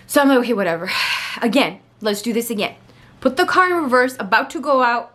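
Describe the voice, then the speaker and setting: Chatty young woman, slightly high voice. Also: brisk. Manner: chatty and digressive, laughs at herself; animated when retelling arguments. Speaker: vlogger. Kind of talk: casual storytime monologue.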